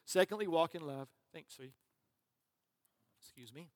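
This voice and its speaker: Joking preacher in an echoing hall. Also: male voice, on the high side, moderate pace. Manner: joking, conversational preaching with asides. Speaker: pastor. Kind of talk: sermon. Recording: long reverb of a large hall.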